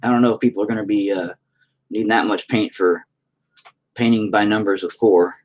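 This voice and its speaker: A man's voice: lowish voice, steady tone, fairly quick, darkish tone. A young man hosting a painting stream, rambling and joking crudely while he paints and reads chat aloud. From United States. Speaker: painting livestream host.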